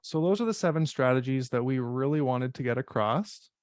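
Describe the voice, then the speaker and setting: A man's voice: mid-range voice, lively intonation, brisk, a little mellow, no echo, clean studio sound. A man teaching paramedic exam strategies in an online info session, speaking in a direct, coaching way and often checking in with "right?".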